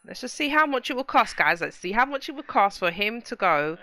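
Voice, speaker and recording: A woman's voice: on the high side, sing-song, fairly quick, sharp tone. A woman hosting a casual let's play, chatting to viewers and exclaiming at what happens in the game. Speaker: gaming channel host.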